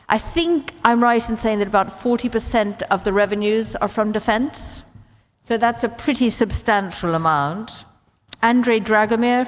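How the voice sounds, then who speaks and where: A woman hosting an event, introducing panel speakers on stage in a brisk, lightly joking manner. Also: medium pitch. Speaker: event host. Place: large conference hall. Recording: long hall reverb.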